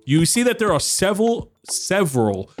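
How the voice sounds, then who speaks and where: A man's voice: high voice, sing-song, moderate pace. A man narrating a tabletop role-playing game as dungeon master, chatty and loose with many fillers.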